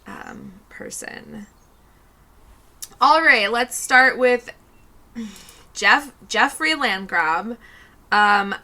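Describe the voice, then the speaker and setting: A woman's voice: mid-range voice, pushed and bright. A woman co-hosting a podcast in casual chat, laid-back and profane, often giggling. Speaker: podcast co-host.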